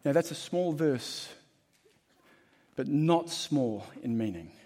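A man preaching a sermon as pastor, emphatic and shifting between loud and hushed. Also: fairly high pitch, takes it slowly. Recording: long hall reverb.

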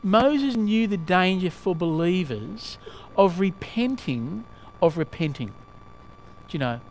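A male preacher giving a sermon in a halting way, often asking the listeners questions. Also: high-pitched, big pitch swings, a little hiss or hum.

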